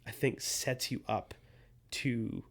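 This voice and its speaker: A man's voice: mid-range voice, fairly even intonation, takes it slowly. A man co-hosting a podcast, talking in a rambling, playful way with many fillers. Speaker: podcast co-host. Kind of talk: casual chat.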